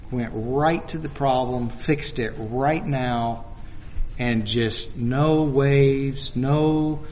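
A man's voice: fairly high pitch, long reverb tail, highs cut off, slight background noise. A man preaching a sermon in a conversational way, telling personal stories and acting out little dialogues. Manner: conversational, with repeated restarts and acted-out dialogue.

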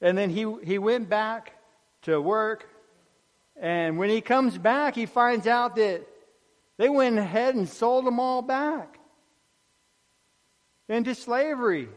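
A man preaching an earnest sermon, dropping soft on key phrases. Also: sits high, takes it slowly, long pauses, in a large hall.

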